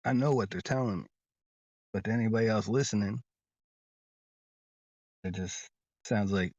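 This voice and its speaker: Guy rambling on insistently, repeats himself a lot, kinda low voice, muffled dry sound. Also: moderate pace, pauses often, darkish tone, no echo. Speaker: interview guest. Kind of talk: casual storytelling in interview.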